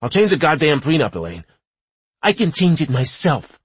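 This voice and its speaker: A man's voice: mid-range voice, very animated, moderate pace, breathy edge, no room sound. A man voicing a rich businessman husband who hurriedly pleads and swears with an armed wife. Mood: pleading.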